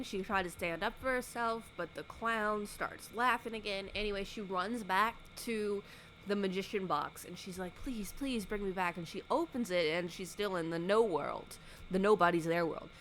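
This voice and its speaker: A woman talks through a movie recap in a loose, sarcastic vlog style, acting out the characters' lines. Her voice sits at a middle pitch. A faint hiss of noise sits under her speech. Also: fairly bright tone. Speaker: YouTuber. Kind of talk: casual movie recap commentary.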